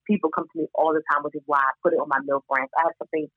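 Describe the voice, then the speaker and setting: A woman's voice: low-pitched, very fast, husky, dry recording, faint music behind. Baltimore-accented woman guest, emphatic chat, a bit lo-fi and dry. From Baltimore, USA. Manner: animated, emphatic, laughs often. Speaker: podcast guest, founder of a moms' community. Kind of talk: casual chat.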